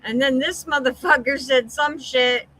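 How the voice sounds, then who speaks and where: A woman's voice: sits high, fairly even intonation, unhurried, a bit bright, rough recording. A woman hosting a livestream, reacting with exasperated, blunt, profanity-laden commentary. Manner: exasperated, heavy swearing, blunt.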